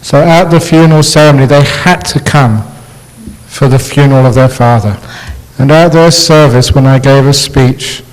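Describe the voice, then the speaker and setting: In a university lecture hall, a male Buddhist monk gives a dharma talk in a mid-range voice. He tells stories slowly, with gentle humor.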